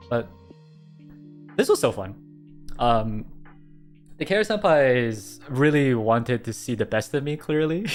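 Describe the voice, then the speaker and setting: A man chatting casually on a stream, rambling with lots of fillers and restarts. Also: mid-range voice. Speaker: virtual streamer.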